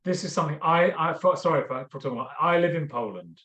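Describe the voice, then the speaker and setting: Man explaining slowly. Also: fairly high pitch, lively intonation, sharp tone, reverberant. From northern England. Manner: slow, simple explanations with frequent restarts. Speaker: English teacher. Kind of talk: video call talk with students.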